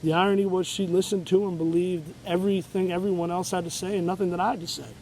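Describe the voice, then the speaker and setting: A man's voice: high voice, little pitch movement, fast, a little mellow, slight background noise, low-quality recording. Agitated, profane New man ranting. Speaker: show host. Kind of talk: ranting monologue.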